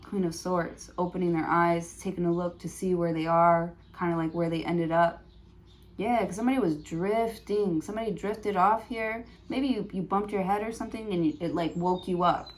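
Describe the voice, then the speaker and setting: A woman's voice: lowish voice, fairly even intonation, normal speed. A woman giving a prerecorded tarot reading, thinking aloud with many fillers and restarts. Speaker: tarot reader.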